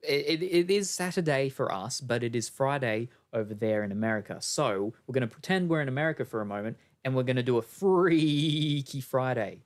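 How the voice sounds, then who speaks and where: A co-host chats casually on a stream with puppets. The delivery is halting and full of fillers, at a middle pitch. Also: lively intonation.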